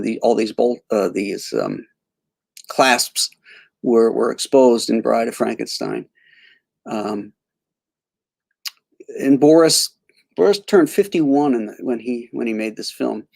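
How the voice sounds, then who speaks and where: A man's voice: medium pitch, measured pace, creaky, long pauses, darkish tone, dry recording. Rambling man chatting about old films. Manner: rambling, many fillers and restarts. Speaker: host. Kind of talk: casual film commentary.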